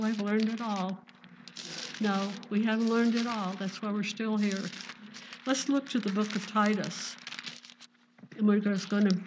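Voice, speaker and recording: An older woman delivers a sermon, gentle and earnest, drifting between plain talk and quoted scripture. Her voice sits at a middle pitch, and the recording sounds a little dull and lo-fi. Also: slight background noise. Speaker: preacher.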